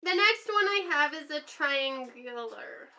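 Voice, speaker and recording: A woman's voice: high voice, animated, takes it slowly, pushed and bright. A woman teaching a lesson in a chatty way, acting out examples with many fillers. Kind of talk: classroom lesson.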